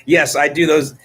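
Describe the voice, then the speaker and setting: A man's voice: a little high, fairly bright tone, husky. A middle-aged man hosting a casual live-stream chat about lawn care, joking and rambling with frequent restarts. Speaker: lawn care channel host.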